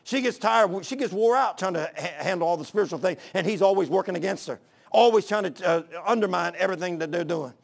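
High, gravelly-voiced fervent preacher man. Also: fast talker. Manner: folksy, fervent preaching with plain everyday talk. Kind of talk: sermon.

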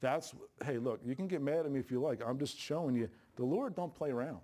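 A man's voice: mid-range voice, fairly quick, mellow. A man preaching a sermon in a church, folksy and joking, with plain colloquial grammar. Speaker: pastor. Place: church sanctuary. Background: congregation responses.

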